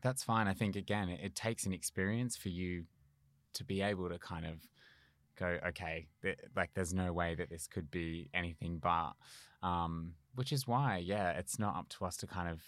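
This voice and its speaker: A man, a medium, calmly and reflectively answering in an interview. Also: sits low, moderate pace, no echo. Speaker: medium, guest.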